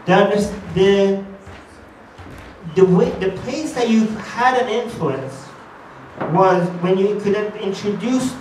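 Male conference speaker, argumentative and lively, high voice, echoey hall, faint hiss. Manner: animated, argumentative, acts out quoted voices. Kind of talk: conference talk. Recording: echoey hall, distant mic, faint noise.

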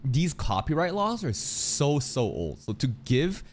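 A man's voice: on the high side, sing-song, a little slow, a little hiss or hum. A man giving casual, blunt reaction commentary, swearing freely and arguing his point. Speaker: reaction streamer.

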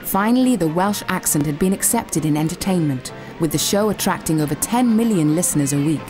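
A woman narrating a documentary in measured scripted storytelling. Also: on the low side, expressive, music in the background.

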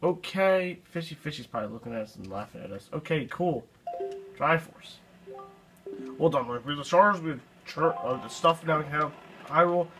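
Young male let's-play host, fed up and cursing at the game, voice sitting a bit high, with game music playing underneath. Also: animated, moderate pace, a bit bright, rough recording. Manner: frustrated, swearing often. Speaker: gameplay commentator.

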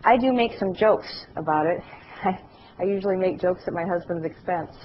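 A middle-aged woman giving a class lecture, telling anecdotes in a lively way and acting out the voices of people she describes. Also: fairly low pitch, normal speed, dull audio, slight background noise. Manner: animated storytelling, acts out voices.

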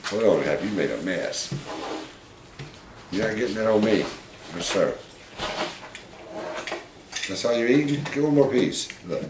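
Low-voiced man coaxing his pet. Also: expressive, measured pace, pauses often, echoey room, background noise. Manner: coaxing, encouraging talk to an animal. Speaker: pet owner and channel host. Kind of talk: casual chat with a pet.

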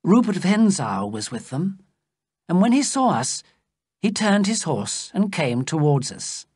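A narrator reading a graded story aloud slowly and plainly for English learners. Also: dry recording, clean studio sound. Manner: slow, clear storytelling with lively pitch. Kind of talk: slow scripted audiobook narration for English learners.

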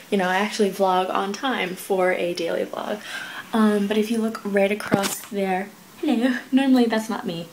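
Young woman vlogging at 2am in her bedroom, giggly and scattered, kinda breathless, fry in her voice. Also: medium pitch, noisy background. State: slightly out of breath. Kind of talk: casual late-night vlog. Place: bedroom of an apartment at night.

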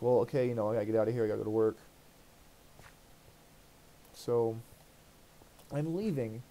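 Mellow-voiced man telling a rambling story. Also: medium pitch. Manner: rambling, profane, aggrieved retelling. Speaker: let's play host. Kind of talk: casual storytelling while gaming.

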